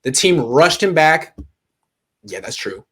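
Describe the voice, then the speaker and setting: A man's voice: on the high side, very animated, takes it slowly, fairly bright tone, husky. A young adult man from the United States hosting a casual sports chat, reading viewer comments aloud and joking. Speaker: podcast host. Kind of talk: casual live-stream chat.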